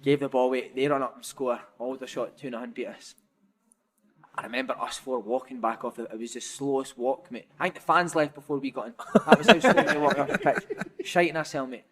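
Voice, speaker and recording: A man's voice: medium pitch, brisk. A man in his thirties, a former footballer, telling a rambling anecdote in casual chat, sweary and laughing, calling the listener "mate" often. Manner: animated, laughing, sweary, says "mate" a lot. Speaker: podcast guest, former footballer.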